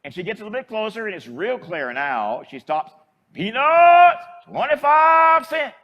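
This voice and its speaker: High-voiced priest telling a folksy story. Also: male voice, very animated, a little fast, fairly bright tone. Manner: folksy, conversational, chuckles while telling. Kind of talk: storytelling homily.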